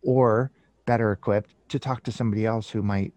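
Animated man telling stories. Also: lowish voice, fairly quick, no room sound. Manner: animated storyteller acting out scenes with many restarts. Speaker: author and guest. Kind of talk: casual interview talk.

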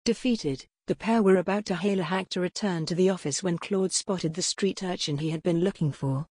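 Husky-voiced woman narrating an audiobook. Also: lowish voice, moderate pace, a little mellow, dry recording, clean studio sound. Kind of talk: scripted romance audiobook narration.

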